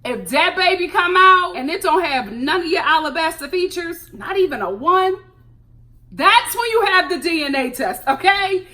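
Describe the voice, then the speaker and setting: A young American woman with a high, bright voice and a pitch that swings widely. She reviews a reality show in a sassy, animated way and laughs often. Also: moderate pace. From United States. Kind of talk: casual reality TV commentary.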